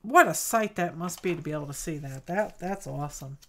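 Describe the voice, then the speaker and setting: With a low, expressive voice and a brisk pace, this craft livestream host chats casually while opening mail, cooing over what she finds. She's a little tired and greets her viewers by name.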